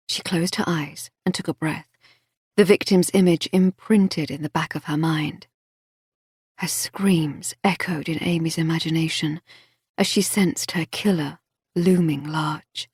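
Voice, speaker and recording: A woman reading a crime thriller audiobook in a measured storytelling manner. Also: sits low, a little mellow, slightly rough, dry recording, studio quality. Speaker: audiobook narrator. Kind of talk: scripted narration.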